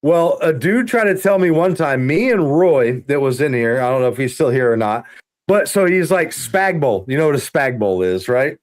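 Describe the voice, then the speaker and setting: A man's voice: mid-range voice, expressive, normal speed. A man chatting on a gaming podcast, telling profane stories animatedly and laughing often. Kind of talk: casual gaming podcast chat.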